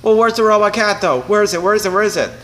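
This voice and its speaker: A man voicing an excitable male plumber hero in a plushie comedy video, eager and exclaiming. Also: high voice, racing, pitched above the performer's own voice. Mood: demanding.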